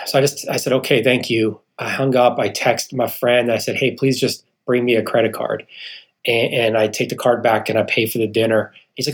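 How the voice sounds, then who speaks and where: Man, thirties, earnest testimony, lively storyteller, medium pitch. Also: a little fast. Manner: earnest storyteller, acts out quoted people, calls the host "man". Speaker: guest, real estate founder. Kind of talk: emotional personal testimony.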